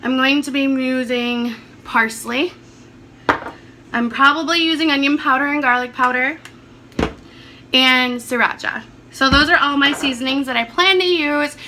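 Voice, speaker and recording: A woman with a hoarse, sick voice chatting casually through a home cooking vlog, upbeat and a little rambling. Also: sits high, moderate pace, background noise. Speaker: vlogger.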